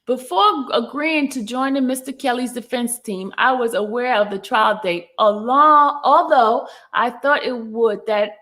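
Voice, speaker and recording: A woman's voice: a little high, unhurried, few pauses, fairly bright tone. A woman hosting a casual talk show who reads a letter aloud, stumbling over words and laughing. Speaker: host.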